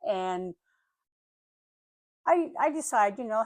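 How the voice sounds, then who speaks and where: An older woman chatting casually on her vlog, telling a story in an animated way and acting out the voices of the people and animals in it. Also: a little high, normal speed, dry recording. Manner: animated, acts out voices of dogs and neighbors. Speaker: vlogger.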